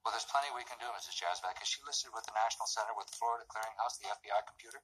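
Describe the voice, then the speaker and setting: A man playing a grieving father who helps families of missing children, talking in an earnest, steady, reassuring way in a TV movie drama. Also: on the low side, very fast, slight background noise, rough recording.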